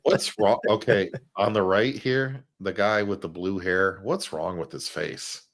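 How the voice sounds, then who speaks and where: A man with a very deep voice chats about comics in a wry, joking way. He sounds amused and teases the material as he goes. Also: measured pace. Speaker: co-host. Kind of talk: casual comic review chat.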